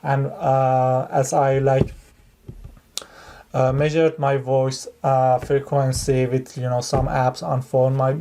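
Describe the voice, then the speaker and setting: A man's voice: mid-range voice, level tone, takes it slowly, dark tone. A man giving a casual spoken tutorial on exam speaking, rambling and conversational as he explains. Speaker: test-prep tutor.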